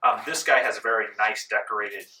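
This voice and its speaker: A man narrating as game master in a tabletop game, relaxed, with many ums, in a library meeting room. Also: on the low side, fairly quick, a little hiss or hum. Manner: relaxed, full of ums, laughs along. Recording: roomy echo, distant mic.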